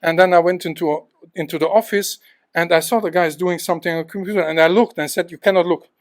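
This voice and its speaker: A man giving a lively, joking presentation to a live audience, telling travel stories and talking straight to the room. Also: on the high side, fast. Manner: lively, jokey, addresses the audience directly. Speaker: guest presenter at a fish club. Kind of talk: animated storytelling talk to a live audience. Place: club meeting room with audience.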